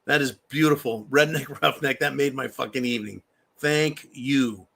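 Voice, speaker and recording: A man's voice: medium pitch, steady tone, normal speed, vocal fry, a bit bright. A man hosting a live stream, reading viewer comments aloud and ranting in a profane, mocking way. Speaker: host reading viewer chat.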